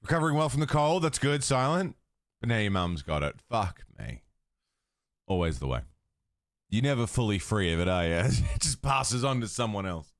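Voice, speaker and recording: A man's voice: fairly low pitch, very animated, normal speed, no room sound, clean studio sound. A man hosting a livestream, chatting casually with his viewers, swearing freely and laughing often. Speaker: livestream host. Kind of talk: casual chat with stream chat.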